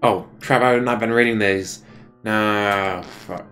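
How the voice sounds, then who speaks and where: A man's voice: fairly low pitch, fairly even intonation, slow, fairly bright tone, soft background music. A male streamer reading a visual novel aloud and dropping dry, wry asides between passages.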